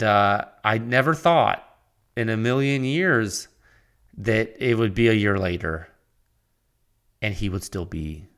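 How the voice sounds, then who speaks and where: A young man hosting his own podcast, talking casually and warmly to listeners with frequent restarts and fillers. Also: on the low side. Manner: rambling, heartfelt, with many restarts and fillers. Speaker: podcast host. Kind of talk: casual solo podcast talk.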